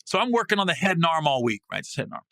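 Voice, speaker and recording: Racing through a comedic monologue, a podcast host speaks in a bright, forceful voice pitched fairly high. He's casual, swears freely, and animatedly jumps into loud, high laughing peaks. His podcast mic gives a dry, close sound with no room around it.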